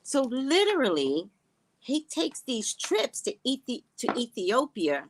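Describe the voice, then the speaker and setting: Woman, middle-aged, live-stream host, sassy, blunt, animated pitch. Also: slow pace, poor audio. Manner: blunt, sassy, laughing, addresses viewers as guys. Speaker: psychic reader and live host. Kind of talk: casual live-stream chat.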